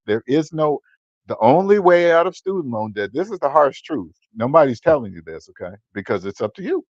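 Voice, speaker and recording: A man's voice: on the high side, a little mellow, no room sound, muffled recording. Blunt preachy man in his fifties. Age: 50s. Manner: blunt, preachy, repeats words for emphasis. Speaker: personal finance channel host. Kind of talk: casual livestream-style monologue.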